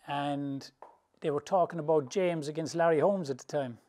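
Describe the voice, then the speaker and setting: A boxing trainer from England spins casual, rambling anecdotes with a slightly raised pitch. He talks loosely and colloquially and laughs easily through his stories. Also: normal speed, warm tone. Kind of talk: storytelling interview answers.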